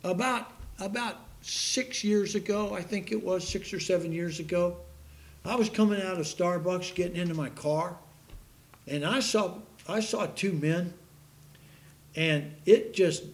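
High-voiced older preacher, impassioned. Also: male voice, unhurried. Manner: emphatic, impassioned, with sudden loud outbursts; stumbles over hard names while reading aloud. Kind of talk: sermon with scripture reading.

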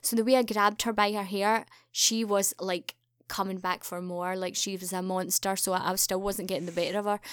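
A woman's voice: a little fast, few pauses, clear, resonant tone, no room sound. A young woman telling a story in casual chat, acting out the quoted lines with a lifted voice. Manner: animated, acts out quoted dialogue with raised pitch. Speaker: podcast guest.

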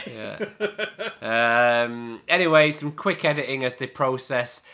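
A man chatting casually on a podcast, a little tipsy and prone to rambling asides and laughter. His voice sounds bright and clear, at an ordinary middle pitch. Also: slow pace. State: tipsy from whiskey. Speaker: podcast co-host. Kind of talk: casual film chat.

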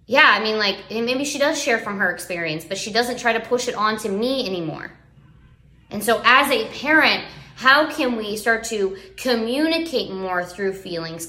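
Woman in her thirties, parent, chatty, bright voice, roomy echo. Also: on the high side. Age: 30s. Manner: chatty, many "like" fillers. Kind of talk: casual chat.

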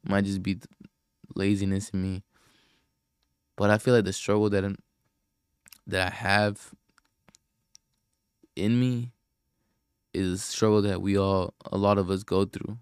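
A man's voice: sits low, flat delivery, measured pace, long pauses, smooth, no echo, clean studio sound. A young man hosting his own podcast alone, rambling in a casual, profane and self-deprecating way. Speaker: podcast host. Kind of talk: casual solo podcast monologue.

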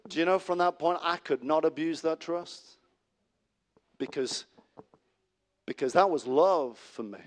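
A middle-aged man preaching a sermon as pastor, animated and swinging between loud exclamations and soft asides, with frequent restarts. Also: fairly high pitch, unhurried, pauses often.

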